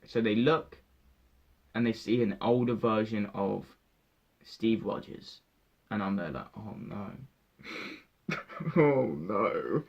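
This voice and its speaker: A young man, giving an emotional, halting spoiler review of a film that often repeats itself. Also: lowish voice, creaky. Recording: dull lo-fi sound.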